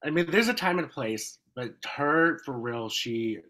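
A man who is a podcast guest, talking in an easygoing, measured way in casual chat. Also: mid-range voice, animated, pushed and bright, poor audio.

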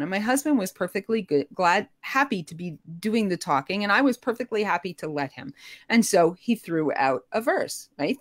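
A middle-aged woman telling her personal story in an animated, expressive way, her voice rising when emotional. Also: mid-range voice, no room sound, studio quality. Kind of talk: conversational storytelling.

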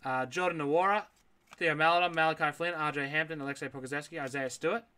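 Bright-voiced man opening cards. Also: on the high side, steady tone, fast, clean tone. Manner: rattles off names, reacts aloud, chats with viewers. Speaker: card break streamer. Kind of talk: live card-opening stream.

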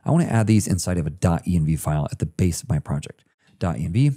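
A man's voice: low voice, lively intonation, fast, mellow. A man hosting a screen-share coding tutorial, talking casually through each step.

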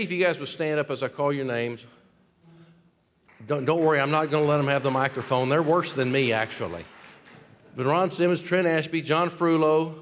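A man's voice: a little high, a bit bright. A man hosting a luncheon, casually introducing guests with lots of fillers and restarts. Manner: casual, rambling with frequent fillers. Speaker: event host. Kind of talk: emcee introductions. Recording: long hall reverb.

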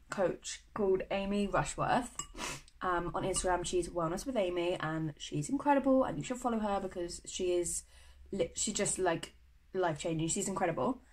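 A young woman from the United Kingdom vlogs casually to camera, gushing and using lots of fillers. Her voice is on the low side, and the recording is rough.

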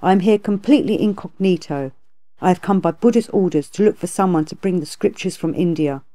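Woman reading as a calm, gracious bodhisattva. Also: lowish voice, a little fast, natural voice. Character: calm, compassionate female bodhisattva.

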